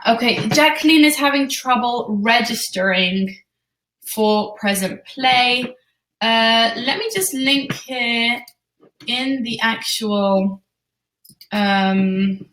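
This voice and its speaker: A woman hosting a live parenting webinar, answering questions gently with many ums and uhs. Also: fairly high pitch. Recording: roomy sound, distant from the mic.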